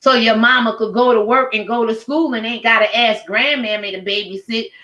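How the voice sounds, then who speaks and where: A woman's voice: on the high side, fairly even intonation, brisk, pushed and bright, highs cut off. A middle-aged woman ranting at home in a blunt, profane, heated commentary video. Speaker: commentary vlogger. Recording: roomy echo.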